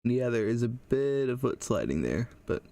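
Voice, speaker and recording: A man teaching game development on a livestream, talking casually and thinking aloud as he works, with frequent pauses and restarts. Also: medium pitch, big pitch swings, vocal fry, warm tone, dry recording.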